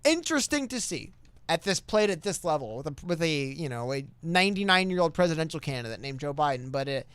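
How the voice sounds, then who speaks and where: A man's voice: fairly high pitch, sing-song, fast talker, fairly bright tone, clear, resonant tone, dry recording. A man co-hosting a casual political chat over a call, rambling and reading quotes aloud with many restarts. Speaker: podcast co-host. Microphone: webcam call mic.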